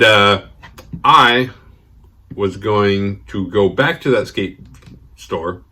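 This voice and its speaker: A low-pitched man with a husky edge tells a loose, rambling story in a casual vlog. He swears freely and restarts his sentences. He gets lively whenever he quotes someone else. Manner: animated when quoting others. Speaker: horror movie review host.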